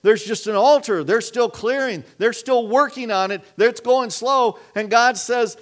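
A man's voice: very high-pitched, measured pace, few pauses. A middle-aged man preaching a sermon in a conversational way, often repeating and restarting his words. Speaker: pastor.

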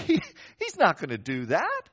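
An older man preaching a sermon as a pastor, telling a story in a conversational, animated way and acting out the quoted voices. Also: a little high, a little slow, husky. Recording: dull lo-fi recording.

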